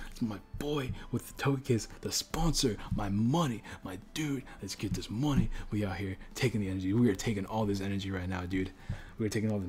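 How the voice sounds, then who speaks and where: Deep-voiced young man hyping a livestream. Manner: hype-building, slangy, repeats chants, talks to chat. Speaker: livestream host. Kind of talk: hyped livestream chat while opening card packs.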